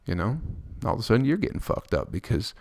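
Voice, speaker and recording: A podcast host talks quickly and very animatedly in a slightly mellow voice, close to the mic with no echo. Alone on his casual show, he rambles crudely, jokes, swears a great deal, and does high, squeaky impressions of people.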